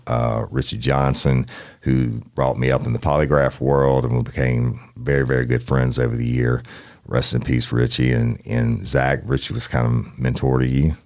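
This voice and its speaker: A man's voice: extremely low pitch, no echo. A man hosting a true crime podcast in a studio, talking in a blunt, folksy way and swearing casually. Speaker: podcast host.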